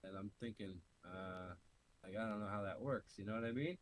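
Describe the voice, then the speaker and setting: A middle-aged man from Canada telling stories in casual chat, swearing freely and animated, often laughing through his stories. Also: lowish voice, fast talker, poor audio. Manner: profane, animated storyteller with laughs. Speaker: podcast co-host. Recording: faint hiss.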